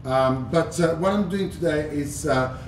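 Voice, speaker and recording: A man from France with a French accent, hosting a live cooking demonstration in a chatty, playful way with plenty of fillers. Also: normal speed. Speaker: chef hosting a cooking livestream. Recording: echoey room, distant mic, low rumble.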